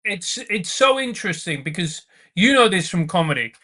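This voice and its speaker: Guy on a podcast, kinda high bright voice, earnest, keeps repeating himself to drive it home. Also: sing-song, moderate pace. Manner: earnest, repeats phrases for emphasis. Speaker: podcast guest, comedian. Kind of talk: casual chat.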